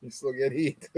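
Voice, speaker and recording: A man's voice: mid-range voice, mellow, breathy edge, no room sound. A man on a podcast, answering hesitantly and laughing it off. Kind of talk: casual chat.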